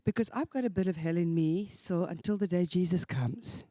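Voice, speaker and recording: A woman speaking plainly and in a relaxed way at a church workshop. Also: on the low side, moderate pace, no echo.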